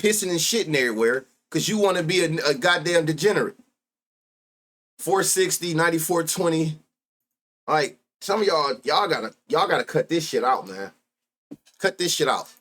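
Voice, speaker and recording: A man's voice: a little high, fairly bright tone. Betting-stream host, man in his thirties, African American Vernacular English accent, loose and crude, laughs easily. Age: 30s. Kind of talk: casual profane live-stream banter.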